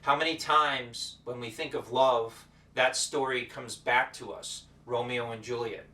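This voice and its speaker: Bright-voiced man hosting a lesson show. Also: mid-range voice, fairly even intonation, a little slow. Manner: upbeat showman delivery with repeated greetings. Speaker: teacher hosting an educational show. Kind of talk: playful, energetic show hosting. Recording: roomy echo, voice distant from the mic.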